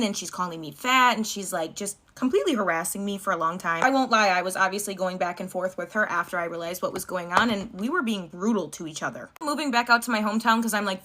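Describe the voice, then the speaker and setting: A woman's voice: medium pitch, pushed and bright. A young woman telling a personal story in a frank, chatty, profane way, filling her talk with "like" and acting out the quotes. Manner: chatty, frank, profane, dramatic retelling with many "like"s. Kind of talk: casual storytime monologue.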